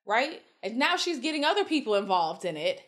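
A woman guest telling stories in casual chat, animated and swearing freely as she acts out quotes. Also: a little high, fairly quick. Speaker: podcast guest.

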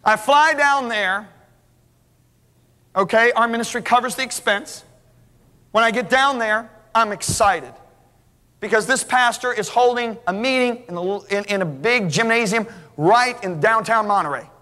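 Animated preacher man in a big hall. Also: very high voice, unhurried. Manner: animated, acts out dialogue, restarts. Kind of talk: storytelling sermon. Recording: hall reverb.

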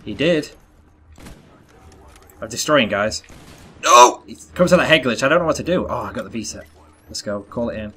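Excitable young man commentating gameplay. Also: mid-range voice, a little fast, long pauses, husky. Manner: excitable, talks to viewers, groans at misses. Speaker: gaming YouTuber. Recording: faint gunfire and game sounds.

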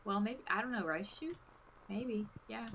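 Bright-voiced, giggly woman gamer. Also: mid-range voice, measured pace, creaky, a little hiss or hum, low-quality recording. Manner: giggly and scattered. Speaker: gaming host. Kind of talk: casual co-op gameplay chat.

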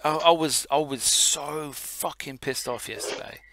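A man's voice: on the high side, measured pace, slight background noise. A man co-hosting a podcast, chatting casually and swearing freely as he tells stories. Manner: sweary, animated storytelling. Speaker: podcast co-host. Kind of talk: casual chat.

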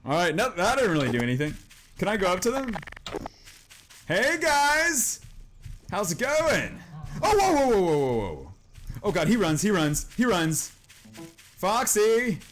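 A man giving excited let's-play commentary over a video game, jumpy and quick to yelp and shriek when startled. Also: sits high, slight background noise. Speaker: gameplay commentator. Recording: game gunfire and clicks behind the voice.

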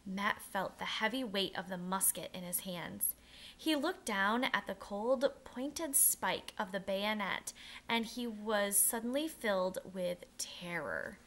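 Bright-voiced woman reading a storybook aloud. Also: mid-range voice. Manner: expressive, occasional restarts and self-corrections. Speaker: narrator. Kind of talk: reading a children's historical novel aloud.

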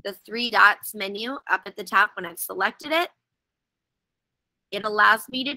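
A woman's voice: mid-range voice, moderate pace, pauses often, bright, forceful tone, dry recording, rough recording. A woman running a casual webinar, explaining step by step in a chatty, wry way while sitting outdoors.

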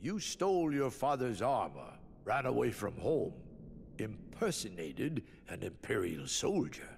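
An actor playing an aged, dignified emperor in a game cutscene, speaking in a measured, formal, ceremonious way. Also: male voice, mid-range voice, very animated, vocal fry, darkish tone, big-room sound, a little hiss or hum. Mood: stately.

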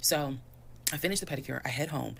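Fast-talking gravelly woman. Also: very deep voice, background noise. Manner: fast, animated, detailed retelling. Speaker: storyteller in a played video. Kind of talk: casual personal storytelling.

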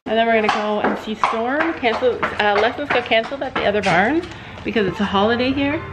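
A woman's voice: fairly high pitch, fairly quick, heavy background noise. Rambling woman vlogging at a barn. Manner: rambling, lots of "like" and restarts. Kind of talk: casual vlog chat. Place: outdoors at a horse barn.

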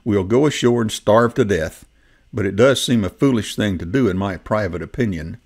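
A timid, gloomy old goose gentleman from a bedtime storybook, read aloud by a man. He complains in a worried way, with a low voice and a gravelly edge. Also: moderate pace. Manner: worried, reluctant.

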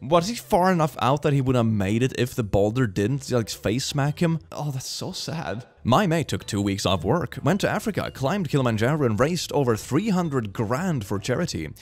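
A young man giving casual, animated commentary as he reacts to posts, laughing often. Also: normal speed, hardly any pauses. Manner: animated, laughing, swings in pitch. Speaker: host.

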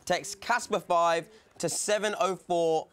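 A man's voice: high voice, fairly even intonation, takes it slowly, a bit bright, clear, resonant tone. A man co-hosting a live charity stream, cheerful and encouraging as he urges viewers to donate. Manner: cheerful, encouraging, hypes the crowd. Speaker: livestream co-host. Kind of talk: upbeat live presenting.

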